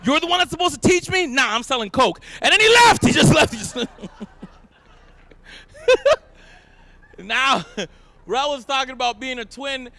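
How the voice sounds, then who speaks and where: A man performing a stand-up comedy set, telling animated stories and shouting his punchlines. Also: very high voice, unhurried, pauses often, a little hiss or hum. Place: live event stage.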